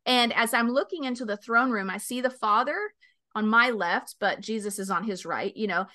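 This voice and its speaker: A woman in her forties hosting a podcast, telling a story animatedly and acting out the voices. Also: moderate pace. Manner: animated storyteller, acts out voices with big pitch jumps. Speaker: podcast host. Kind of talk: casual chat, storytelling.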